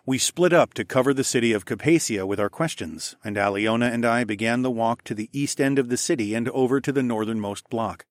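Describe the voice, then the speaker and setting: Guy narrating a fantasy audiobook, steady even reading, dry close mic. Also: medium pitch, a little fast, few pauses, no room sound. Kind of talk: first-person audiobook narration.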